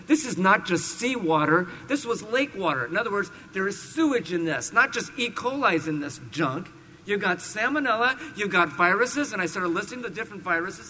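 A man from California telling a lively, self-deprecating story as a preacher, building to emphatic bursts. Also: high-pitched. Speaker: preacher sharing a testimony. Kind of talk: storytelling sermon.

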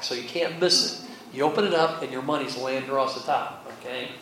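A man's voice: medium pitch, fairly quick, a bit bright. A man preaching a conversational Bible lesson, folksy and chuckling, who keeps checking in with his listeners. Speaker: pastor. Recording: very echoey hall, mic far off, faint hiss.

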